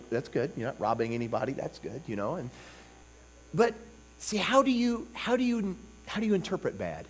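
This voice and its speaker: A man preaching at a revival in a fairly high, very lively voice that rises and falls a lot. He talks casually to the congregation and keeps asking "okay?", dropping to soft asides and then breaking into loud emphatic bursts. A faint mains hum sits under the recording. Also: moderate pace, pauses often. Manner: conversational, peppered with "okay?" and "you know". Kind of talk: sermon.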